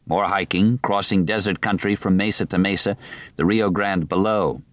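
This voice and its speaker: A man narrates a nonfiction audiobook in a measured, even reading style. His voice sits on the low side. The studio recording is close and dry, with no room sound. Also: dry recording.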